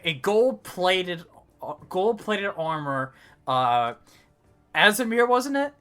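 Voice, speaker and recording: A man's voice: sits high, expressive, takes it slowly, fairly bright tone, clear, resonant tone, faint music behind. A man narrating a tabletop game as game master, rambling with many fillers and restarts.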